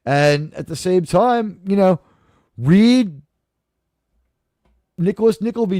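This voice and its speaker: A man with a fairly high voice chats casually and with enthusiasm, wandering off on jokey tangents. His sound is dry and close, with no room around it. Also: animated, slow pace, pauses often, dark tone, dry recording. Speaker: podcast host. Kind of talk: casual live review chat.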